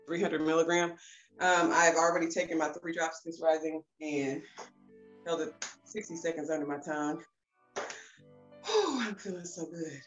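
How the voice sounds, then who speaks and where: A woman's voice: low voice, flat delivery, moderate pace, muffled recording. A woman leading a guided breathing session, bubbly and laughing often, a little out of breath. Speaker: wellness class leader. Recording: echoey room with faint music.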